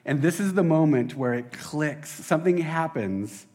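A man preaching a casual sermon as a pastor, excitable and rambling, often laughing at himself. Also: on the high side, a little slow. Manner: excitable, rambling, self-deprecating.

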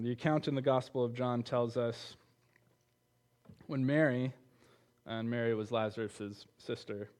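A man's voice: medium pitch, darkish tone. A man preaching a conversational sermon, often repeating words and putting questions to his listeners. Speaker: preacher on a church teaching team.

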